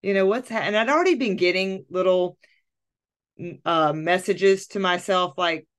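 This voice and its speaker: A woman coach and host telling a personal story in casual conversation, acting out her own thoughts with lively emphasis. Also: on the low side, normal speed, clean tone.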